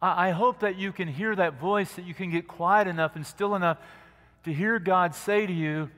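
A man preaching a sermon as pastor, earnest and gentle, dropping to a soft hush at quiet moments. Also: high-pitched, moderate pace. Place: church sanctuary. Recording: long church hall reverb.

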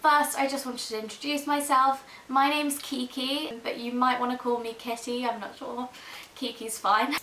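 A woman's voice: high voice, flat delivery, moderate pace, pushed and bright, roomy sound, slight background noise, rough recording. An eighteen-year-old woman from South East England, chatting to her camera in a rambling, giggly way on a built-in camera mic. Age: teens. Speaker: vlogger. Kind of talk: casual chat to camera.

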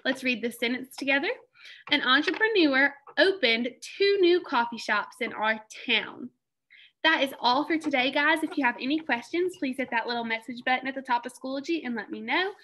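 Bright, high-voiced encouraging teacher woman. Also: slight background noise. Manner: encouraging, slow careful pronunciation of words. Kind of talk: recorded phonics lesson for children.

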